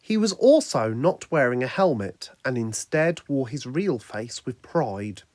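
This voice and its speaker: A man's voice: mid-range voice, very animated, measured pace, a little mellow, no echo. A man narrating a fan fiction action story, reading steadily aloud.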